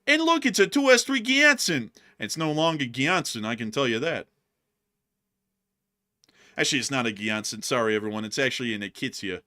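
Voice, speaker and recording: A man's voice: medium pitch, sing-song, a little fast, bright, forceful tone. A man hosting a war news show, giving casual commentary and joking as he addresses his viewers as folks.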